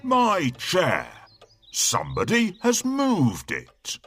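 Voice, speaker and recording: A man playing a booming gruff father bear. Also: huge pitch swings, drawn-out words, a bit bright, soft background music, full character voice. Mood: puzzled. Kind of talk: storybook cartoon voice acting.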